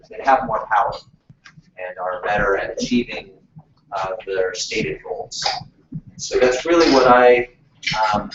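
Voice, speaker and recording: A man running a workshop, talking casually with lots of fillers and restarts. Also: medium pitch. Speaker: workshop facilitator. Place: meeting room. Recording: echoey room from far off, muffled, noisy.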